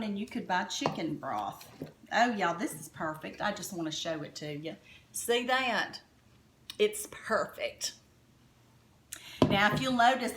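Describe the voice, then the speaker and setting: Southern woman, home cooking host, folksy and gushing, mid-pitched voice in a roomy kitchen with a faint hiss. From Alabama, US South. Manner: folksy, enthusiastic, keeps addressing viewers as y'all. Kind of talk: chatty cooking demonstration.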